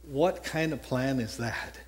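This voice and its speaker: A man's voice: mid-range voice, slow pace. A man with a Texan accent, a pastor giving a conversational sermon that mixes scripture with a personal story, often correcting himself mid-sentence. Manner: conversational, self-correcting, chuckles at his own stories.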